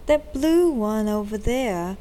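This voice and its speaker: A woman voicing a gentle, dreamy little male character who speaks hesitantly. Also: a little high, animated, slow pace, a little hiss or hum. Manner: hesitant, soft-spoken.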